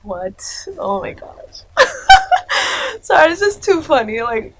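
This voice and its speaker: A woman's voice: on the high side, big pitch swings, a little slow, soft background music. A woman in her thirties giving casual, sarcastic commentary, laughing often and saying "like" and "you know" a lot. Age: 30s. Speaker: commentary YouTuber.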